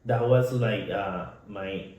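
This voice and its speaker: A man's voice: fairly low pitch, slow, a little mellow. A man from Nicaragua with a Nicaraguan Spanish accent, Spanish his first language, chatting earnestly as podcast co-host and laughing often. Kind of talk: casual chat. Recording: very echoey room.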